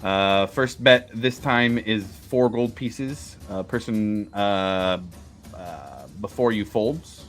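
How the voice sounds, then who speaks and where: A man's voice: on the low side, slow pace, faint music behind. A man narrating as game master of a tabletop game, hesitant and full of fillers.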